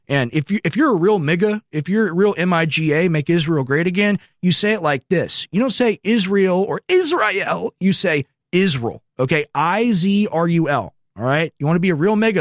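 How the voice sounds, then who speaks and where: A man's voice: on the high side, no echo, clean studio sound. Sarcastic male political commentator. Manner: sarcastic, conversational, reads posts aloud with asides.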